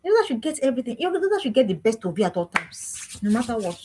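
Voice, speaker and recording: A woman's voice: a little high, sing-song, fast, dark tone, breathy edge. A woman giving an emphatic, preachy parenting talk with lots of repetition. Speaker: parenting coach.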